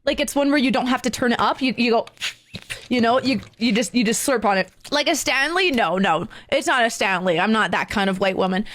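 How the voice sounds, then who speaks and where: A woman telling a story with animated excitement, acting out each voice in it and laughing often. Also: fairly high pitch, fairly quick. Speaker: streamer.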